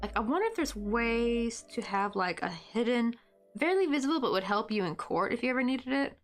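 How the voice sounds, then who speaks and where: Rambling woman streamer thinking out loud. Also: fairly high pitch, lively intonation, brisk, faint music behind. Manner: rambling, thinking aloud with many fillers; chuckles often. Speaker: crochet live streamer. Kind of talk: casual chat.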